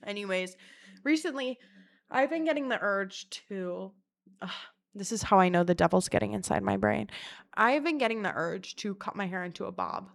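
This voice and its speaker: A young woman telling wild personal stories in a casual vlog, crude and animated, slipping into mocking voices. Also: mid-range voice, moderate pace, gravelly. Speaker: vlogger.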